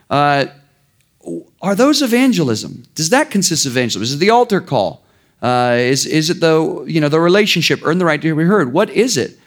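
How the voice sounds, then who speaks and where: A man's voice: on the high side, big pitch swings, fairly quick. A man preaching a sermon in an informal, conversational way, with sarcastic asides and frequent restarts. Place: church.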